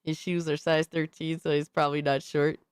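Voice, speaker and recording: A woman hosting a casual livestream, reacting to things in an excitable, slangy, profane way. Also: deep voice, fairly quick, clean tone, dry recording, clean studio sound. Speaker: livestream host.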